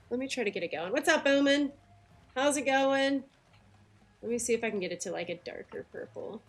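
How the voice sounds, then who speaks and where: A woman with a light Southern US accent streaming a game, chatting casually with viewers and laughing often. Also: medium pitch. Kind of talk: casual livestream chat while playing.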